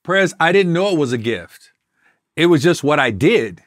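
A man's voice: on the high side, sing-song, moderate pace, dry recording, studio quality. A man as an interview guest, telling a personal story with emotion and now and then singing a snatch of a song. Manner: emotional, sings snatches of a song while recounting.

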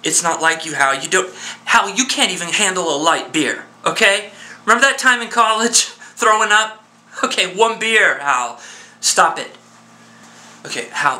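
A man's voice: a little high, pushed and bright, a little hiss or hum. A man acting as a worried friend in a one-sided phone call, talking earnestly and insistently to coax a despairing man to hold on.

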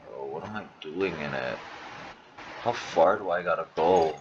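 A man's voice: low voice, animated, moderate pace, highs cut off, background noise. A man giving gameplay commentary, frustrated and swearing, often muttering to himself. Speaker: gamer.

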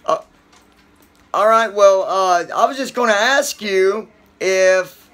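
A man hosting his online show in a casual, halting way with many filler pauses. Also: high-pitched, a bit bright. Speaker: host. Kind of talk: casual chat.

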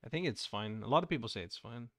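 A man's voice: medium pitch, expressive, fast talker, a bit bright, no room sound, studio quality. Playful young man streaming a game. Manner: playful, teasing, jokey. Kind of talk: casual gaming stream chat.

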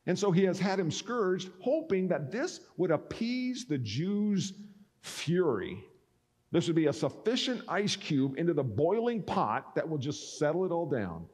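A man preaches a sermon, stopping to read scripture and then acting out what each speaker might have said. His pitch swings widely, and he sits a touch above the usual male range. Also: a little mellow. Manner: expository preaching that acts out speakers' words. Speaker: pastor.

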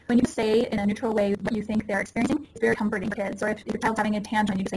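Fast-talking earnest woman, noisy line. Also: fairly high pitch, steady tone. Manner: rapid, earnest, explaining with acted-out quotes. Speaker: parenting consultant, guest. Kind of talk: casual interview talk. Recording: audible background noise.

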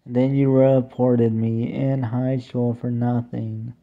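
A young man with a mid-range voice half sings, half speaks a homemade song, slow and plaintive. The melody stays mostly flat except for long, drawn-out cries, and the thin, tinny sound suggests a phone recording.

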